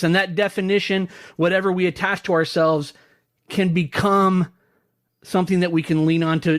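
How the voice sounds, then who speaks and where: Man, 40s, podcast host, reflective, fairly high voice. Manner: thoughtful, searching phrasing. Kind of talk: reflective conversation.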